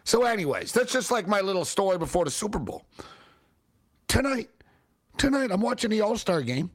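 A man hosts his own show and rants through a story in a loose, filler-heavy way. His voice sits high for a man and leaps up and down as he gets worked up. He sounds exasperated and animated. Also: fairly quick. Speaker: show host. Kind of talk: casual ranting storytelling.

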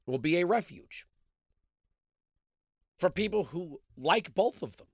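A man's voice: sits high, expressive, takes it slowly, dry recording, studio quality. A man hosting a call-in radio talk show, chatting loosely with frequent restarts and fillers.

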